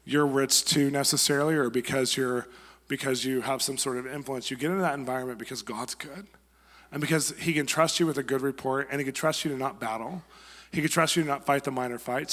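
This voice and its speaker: In a church sanctuary with the long reverb of the hall, a guest preacher with a mid-range voice gives a conversational sermon. He tells stories in a lively way and acts out the quotes.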